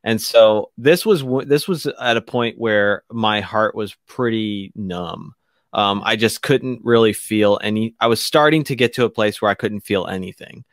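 Halting, emotional man on a radio show. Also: on the low side, no room sound, studio quality. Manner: halting, emotional, many fillers and restarts. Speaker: guest. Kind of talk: candid personal story on a talk show. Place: radio studio.

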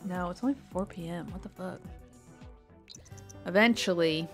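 A woman's voice: mid-range voice, expressive, measured pace, pauses often, fairly bright tone, faint music behind. A woman streamer giving casual gameplay commentary, exasperated and swearing, with muttered asides.

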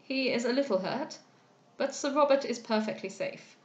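A woman voicing a courteous, formal gentleman from a period novel, measured and polite. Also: a little high, lo-fi sound, pitched above the performer's own voice, natural voice. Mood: earnest. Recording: roomy echo.

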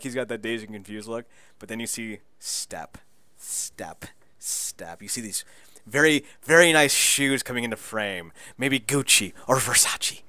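A man co-hosting a podcast, excitedly recapping a show in casual chat, laughing and swearing as he goes. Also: medium pitch, no room sound. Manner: excitable, laughing, profane storyteller. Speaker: podcast co-host.

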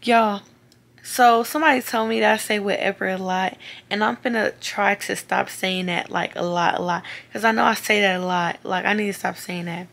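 A woman's voice: mid-range voice, steady tone, normal speed, vocal fry, fairly bright tone. A young woman chatting casually to her viewers. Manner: chatty, slangy, talks straight to viewers. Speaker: vlogger. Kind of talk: casual vlog chat.

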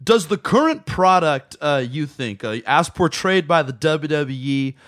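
A man's voice: on the high side, big pitch swings, a little slow, fairly bright tone, no room sound, studio quality. A man hosting a podcast, laid-back, laughing along and swearing in casual chat. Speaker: podcast host.

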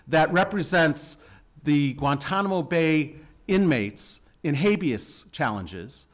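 A man giving wry opening remarks at an academic law panel in a lecture hall. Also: on the high side. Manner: wry, jokes with the audience. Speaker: conference organizer and panel opener.

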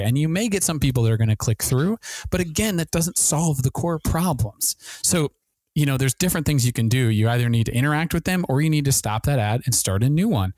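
A man hosting a marketing podcast, talking very fast with many restarts and fillers. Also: mid-range voice, a little mellow, no room sound. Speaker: podcast host and ad consultant.

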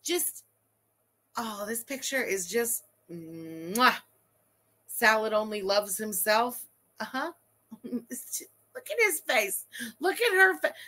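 A woman's voice: fairly high pitch, bright, forceful tone. A woman streamer giving profane, mocking, sarcastic reaction commentary during a live stream.

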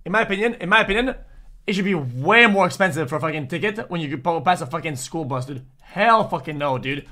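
A man streaming his reactions to clips, his voice sitting fairly high. He talks bluntly, swears freely and keeps saying "bro" and "dude". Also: lively intonation, quick pace, sharp tone. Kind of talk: casual reaction commentary.

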